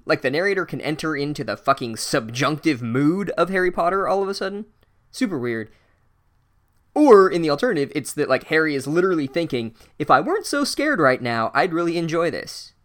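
Podcast guy ranting about a book chapter, sweary and sarcastic, jumps all over in pitch. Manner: profane, animated, sarcastic. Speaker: podcast host. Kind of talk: comedic book recap.

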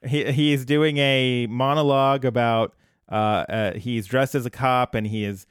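Guy cohosting a podcast, joking around, smooth voice, dead dry mic. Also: medium pitch, steady tone, unhurried, no room sound. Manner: wry, joking, breaks into playful singing. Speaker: podcast co-host. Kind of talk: casual chat about a cartoon episode.

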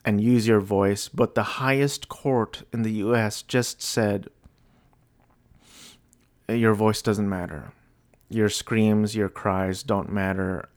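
A young man talking alone on his show, hesitant and apologetic, sounding low and despondent with many restarts. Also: no room sound. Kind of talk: rambling solo commentary.

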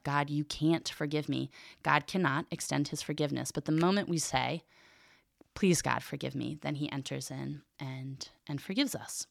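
Female theology teacher and podcast host, earnest and explanatory, voice low with some vocal fry. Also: a bit bright, no room sound, clean studio sound. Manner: earnest teaching with frequent fillers and restarts. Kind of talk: reading and explaining a catechism.

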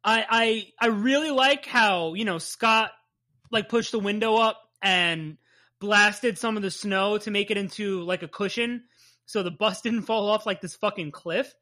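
Bright-voiced man with a Jersey accent. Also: high voice, a little slow. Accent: New Jersey. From New Jersey. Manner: profane, rambling, laughs often. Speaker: podcast co-host. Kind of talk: casual recap chat.

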